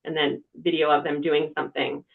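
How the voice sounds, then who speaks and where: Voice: mid-range voice, level tone, brisk, vocal fry. TV reporter giving tips over tinny audio. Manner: conversational, talks with hands. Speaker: TV reporter presenting a webinar. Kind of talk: practical media-training talk. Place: quiet room. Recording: tinny phone-like webinar audio.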